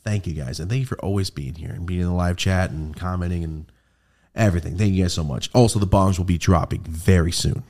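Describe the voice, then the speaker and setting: A man's voice: sits low, a little fast, darkish tone. A young adult man co-hosting a podcast, rambling and joking in casual chat, swearing freely. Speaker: podcast co-host.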